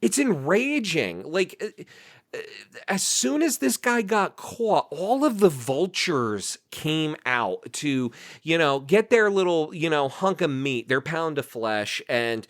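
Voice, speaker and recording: A man from New Jersey, an author and podcast guest, talking in an animated, indignant way, full of "you know" and "like". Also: fairly high pitch, takes it slowly, dry recording, studio quality. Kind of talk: podcast interview.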